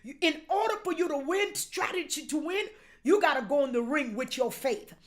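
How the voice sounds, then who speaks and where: A woman pastor with a high voice preaches a sermon. She repeats her lines and calls on the congregation to say them back, dropping to hushed urging and rising to loud shouts. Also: animated, moderate pace. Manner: call-and-response, repeats phrases.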